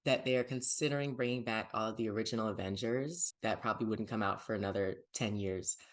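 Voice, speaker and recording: A man's voice: lowish voice, fast talker. A man hosting a pop culture podcast, chatting upbeat and casual about TV and plugging his pages. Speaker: podcast host.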